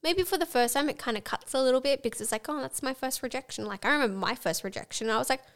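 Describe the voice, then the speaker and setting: A woman's voice: fairly high pitch, expressive, very fast. A woman co-hosting a casual podcast chat, speaking frankly and swearing casually. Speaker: co-host.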